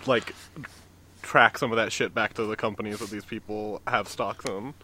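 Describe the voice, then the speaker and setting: A man on a casual podcast chat, speaking in a deadpan way. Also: on the low side, moderate pace, a little hiss or hum. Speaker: podcast co-host.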